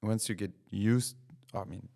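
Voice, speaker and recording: A man's voice: fairly low pitch, fairly even intonation, a little slow, gravelly, dark tone. A middle-aged man, a racing driver guest, chatting casually on a podcast, with lots of hesitant fillers and easy laughs. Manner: hesitant, many fillers, laughs through anecdotes.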